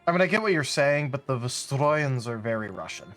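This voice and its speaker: A man chatting as a guest on a stream, eager and quick to jump in with asides. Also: medium pitch, animated, fairly bright tone, soft background music. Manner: eager, talks over others with asides. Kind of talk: casual stream chat.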